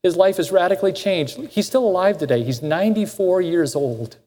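Guy preaching a sermon, earnest storyteller, pretty high voice, big echoey church. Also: brisk, dark tone. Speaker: pastor. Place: church sanctuary.

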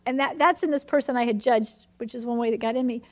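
A woman with a high, bright-toned voice preaches a sermon. She tells a personal story with lively, emphatic energy and leans hard into her points. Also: quick pace.

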